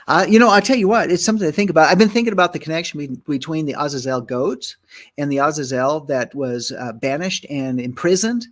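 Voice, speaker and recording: A man's voice: a little high, lively intonation, brisk. A man hosting a Bible teaching show, thinking aloud with many fillers and restarts and reading scripture aloud. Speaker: ministry host and Bible teacher. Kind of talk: conversational Bible teaching on a broadcast.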